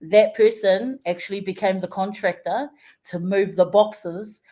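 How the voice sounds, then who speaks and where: A woman with a New Zealand English accent, a guest in a casual radio interview, telling a story lively and acting out the people she quotes. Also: mid-range voice, measured pace. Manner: lively storyteller who acts out quoted voices, often laughing. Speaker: interview guest, community health worker.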